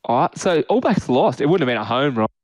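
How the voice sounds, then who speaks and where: A man's voice: medium pitch, sing-song, brisk, a little mellow, no echo. Laid-back young man, dry close mic. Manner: laid-back, rambling, laughs often, swears. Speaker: podcast co-host. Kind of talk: casual chat.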